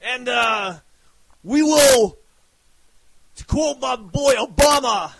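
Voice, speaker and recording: A man giving a loud, profane, boastful hype rant to his viewers, often breaking into shouts. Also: extremely high pitch, takes it slowly, long pauses, a little hiss or hum, rough recording. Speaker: website owner.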